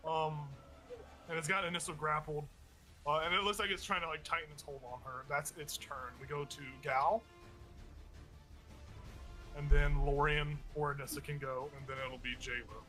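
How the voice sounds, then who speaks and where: A man's voice: a little high, little pitch movement, moderate pace, pushed and bright, faint music behind. A man acting as game master, explaining the rules at length with many fillers. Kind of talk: running a tabletop game.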